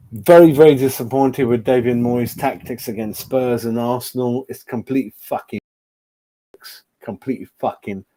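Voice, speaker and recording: Mellow-voiced man ranting about football. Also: medium pitch. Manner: ranting, heavy swearing, rambling asides. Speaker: football fan channel host. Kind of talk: live-stream match reaction.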